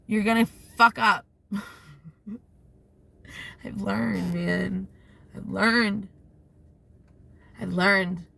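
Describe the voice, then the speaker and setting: Woman rambling to camera, swears a lot, gravelly fry in her voice. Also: mid-range voice, fairly bright tone. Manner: rambling, profane, laughs often, loses track. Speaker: vlogger. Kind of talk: rambling casual monologue.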